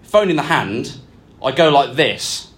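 A man, co-hosting a live podcast and telling stories with lively delivery in a function suite. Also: medium pitch, unhurried. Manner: lively storyteller, acts out quotes. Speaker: podcast co-host.

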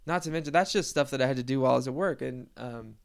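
A man with a smooth, resonant voice talks to the camera in a loose, rambling way. He swears freely and pokes fun at himself as he goes. His pitch sits in a plain middle range. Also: racing. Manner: rambling, profane, self-deprecating storytelling with laughs. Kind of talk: casual rambling monologue.

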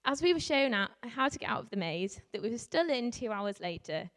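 A woman from Yorkshire without a strong accent, telling a story to a live audience as a youth worker, animated, with laughs and many ums. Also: on the high side, a little fast. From Yorkshire, England. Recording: reverberant hall.

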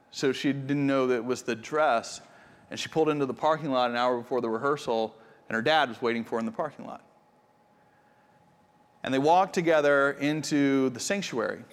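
A pastor telling a personal story in a sermon, in a conversational way with restarts, and later drawing into a hushed tone. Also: male voice, medium pitch, long reverb tail.

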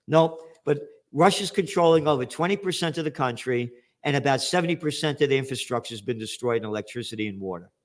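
A man's voice: medium pitch, expressive, quick pace, hardly any pauses. An older man hosting a commentary show, ranting angrily and sarcastically with lots of swearing. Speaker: show host. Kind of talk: angry political commentary.

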